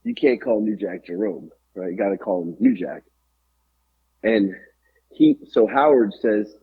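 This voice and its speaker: A man's voice: on the low side, unhurried, slightly rough, narrow, tinny audio. A middle-aged man co-hosting a podcast, telling profane, rambling anecdotes in a casual chat full of fillers. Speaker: podcast co-host.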